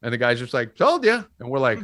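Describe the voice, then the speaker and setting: A man's voice: medium pitch, very fast. A man hosting a sports betting podcast, ranting and swearing about football decisions. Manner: profane, ranting, animated. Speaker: podcast host.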